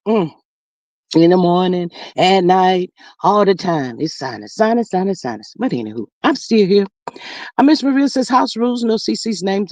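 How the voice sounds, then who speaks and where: A woman hosting a casual livestream, greeting viewers and reading their comments aloud in a lively, sassy way. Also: mid-range voice, no room sound. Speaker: livestream host.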